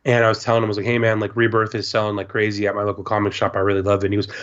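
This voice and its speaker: A man's voice: lowish voice, very fast, muffled recording. A man co-hosting a casual late-night podcast, telling stories with swearing and acted-out quotes. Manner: animated storyteller, swearing, acting out quotes. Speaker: podcast co-host.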